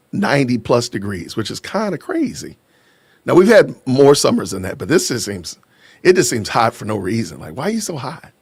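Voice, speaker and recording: A man hosting a casual livestream podcast, playful and quick to laugh while shouting out viewers. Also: medium pitch, slightly rough, no echo. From Aurora, Illinois. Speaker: podcast host. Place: home in Georgia.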